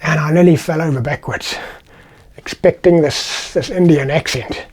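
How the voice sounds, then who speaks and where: A man's voice: on the high side, normal speed, a little mellow, breathy edge. A middle-aged man from South Africa with a South African accent, telling personal stories in a casual, rambling, conversational way. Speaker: vlogger. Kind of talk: casual anecdotal storytelling.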